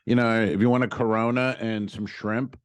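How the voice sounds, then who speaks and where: A man's voice: lowish voice, steady tone, normal speed, clean tone, no echo. A man, a stand-up comedian hosting a podcast, chatting loosely and rambling, swearing now and then. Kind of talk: casual podcast chat.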